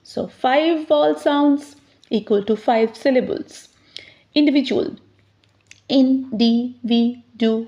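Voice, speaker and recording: A woman teaching English pronunciation, explaining step by step and slowly sounding out each word. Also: high voice, dark tone. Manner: slows down to sound out words clearly. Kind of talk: slow, deliberate teaching explanation. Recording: slightly dull, lo-fi sound.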